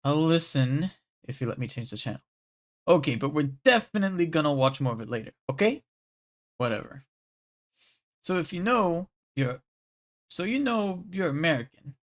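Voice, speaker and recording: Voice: normal speed, pauses often. Live streamer reading game dialogue aloud. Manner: animated, swings between loud bursts and low murmured reading.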